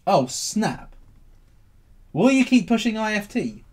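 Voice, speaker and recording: A man hosting an animated crypto livestream, his high voice swinging between loud bursts and low mutters. He answers viewer questions in a cheeky, offhand way. The delivery is very lively throughout. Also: slow.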